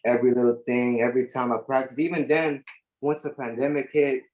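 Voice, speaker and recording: A young man on a video call thanking people for a scholarship, relaxed and rambling, searching for words. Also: medium pitch, fairly quick, poor audio. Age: young adult. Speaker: scholarship winner. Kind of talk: casual thank-you remarks.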